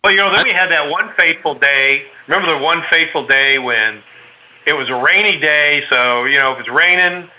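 A man's voice: fairly high pitch, a little fast, lo-fi sound, slight background noise. A man casually reminiscing with a friend, telling a long, meandering anecdote. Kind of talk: casual chat.

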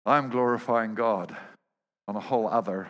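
A man's voice: fairly low pitch, moderate pace, fairly bright tone, in a large hall. A man preaching a sermon, telling humorous stories and often repeating words as he goes.

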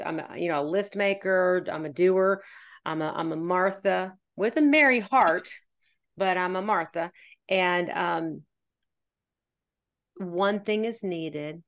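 Chatty, energetic middle-aged woman host. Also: fairly low pitch, measured pace. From Pennsylvania. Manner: chatty, energetic, laughs often. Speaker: podcast host. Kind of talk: casual faith-based interview chat.

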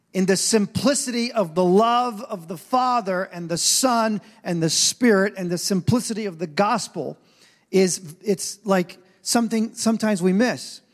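A male pastor giving a casual, joking sermon in church, acting out quoted voices. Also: high-pitched. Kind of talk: conversational sermon. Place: church sanctuary. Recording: long hall reverb.

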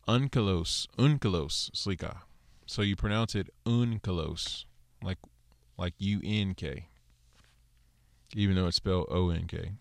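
A man's voice: sits low, no room sound, studio quality. A man teaching a casual scripture lesson, walking through Hebrew word studies with lots of "so" and "okay.". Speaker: Bible teacher.

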